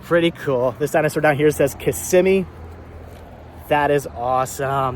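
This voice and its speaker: Eager male vlogger, a little high, outdoors with faint road noise behind. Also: moderate pace. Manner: enthusiastic, repeats himself, laughs often. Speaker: vlogger host. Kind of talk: casual vlog narration. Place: outdoors at a car wash by a road. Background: faint traffic and honking.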